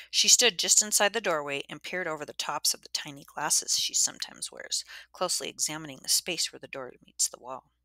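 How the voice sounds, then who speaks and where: A woman narrating a storybook in the first person, gentle and measured, whispering the soft sound words. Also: deep voice, no echo. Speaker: audiobook narrator.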